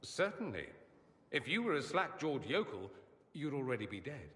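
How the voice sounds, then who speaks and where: Brief: sardonic male mage, bright tense voice, lively swoops in pitch, long reverb on the game audio. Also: moderate pace. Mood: musing. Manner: wry, teasing, theatrical. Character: witty, sardonic male foreign mage, proud. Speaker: game character.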